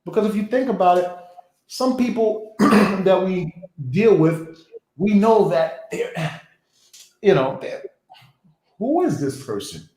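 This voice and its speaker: A man's voice: high-pitched, lively intonation, darkish tone. Reflective man in an echoey room. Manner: reflective, philosophical, drawn-out phrasing. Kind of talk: casual conversation.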